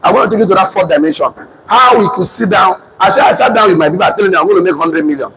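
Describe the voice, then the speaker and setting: A man with a Nigerian accent giving a loud, fervent motivational speech to a live audience, repeating phrases like a preacher. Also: sits high, very fast, a crowd in the background, poor audio. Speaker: motivational speaker and business trainer. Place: training hall with a live audience.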